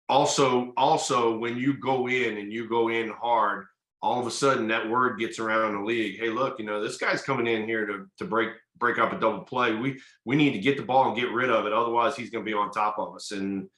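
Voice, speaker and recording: Low-voiced easygoing older man. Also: bright, forceful tone, roomy sound, poor audio. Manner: easygoing, folksy, fillers like "you know". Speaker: retired baseball player, guest. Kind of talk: relaxed interview answers.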